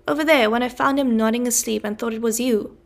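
A woman's voice: on the high side, fast talker, lightly acted. Woman doing a timid polite boy. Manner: hesitant and polite.

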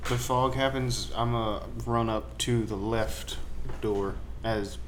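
A man playing a tabletop game, making short, quiet remarks. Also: on the low side, steady tone, slow, a little hiss or hum. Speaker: player.

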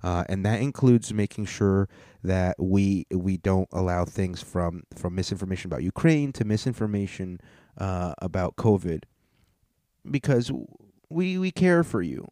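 A man's voice: deep voice, lively intonation, measured pace, mellow, dry recording, clean studio sound. A man putting on a sarcastic, condescending impression of a female government spokesperson. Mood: mocking.

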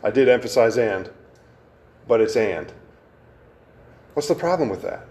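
A man preaching to a congregation in a conversational teaching style, asking questions of the room and slowing down to stress key words. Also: mid-range voice, lively intonation, darkish tone. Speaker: pastor.

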